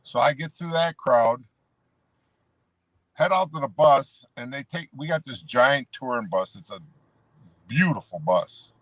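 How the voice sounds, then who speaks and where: A former pro wrestler, appearing as a guest, spins road stories in a loose, rambling way, calling the host "brother" and leaning heavily on "you know." His voice sits in the mid range with a fairly bright tone, and he speaks expressively at a measured pace, pausing often. The recording is dry.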